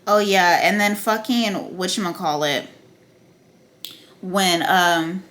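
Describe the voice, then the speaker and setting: A woman talks through a TV episode recap in a loose, unscripted way, cursing freely and piling on fillers as she gets worked up. Her voice is bright and forceful. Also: fairly low pitch, takes it slowly. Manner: profane, excitable ranting with frequent fillers. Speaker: TV recap vlogger. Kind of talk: casual TV recap and review.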